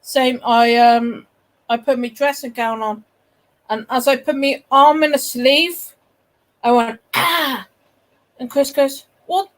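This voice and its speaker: A woman's voice: on the high side, fairly even intonation, measured pace, poor audio. A woman chatting casually with the host, stumbling and repeating words as she tells her own story. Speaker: guest. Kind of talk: casual chat.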